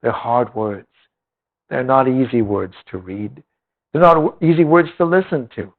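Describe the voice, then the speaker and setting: A man's voice: medium pitch, a little slow. A man teaching a Bible class, reading scripture aloud and then explaining it with emphasis. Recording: tinny lo-fi phone-like old recording.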